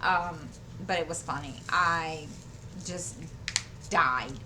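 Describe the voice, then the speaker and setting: Woman, casual craft-channel chat, rambling, fillers, slightly low pitch, faint room noise. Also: slow. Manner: rambling storyteller with many fillers and restarts. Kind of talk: casual chat while diamond painting. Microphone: desk microphone.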